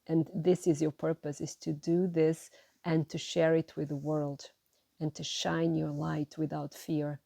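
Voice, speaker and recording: Low gravelly woman reading tarot. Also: flat delivery, measured pace, no echo. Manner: gentle, encouraging, with frequent "right?" and "you know". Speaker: tarot reader. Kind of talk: spiritual tarot reading, addressing viewers.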